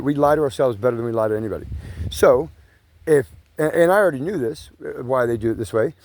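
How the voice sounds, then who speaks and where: A man's voice: medium pitch, darkish tone, dry recording. Guy rambling while he walks outside, swears a lot, says bro, dry close sound. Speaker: vlogger. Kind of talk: rambling casual monologue. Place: outdoors on grassland trails.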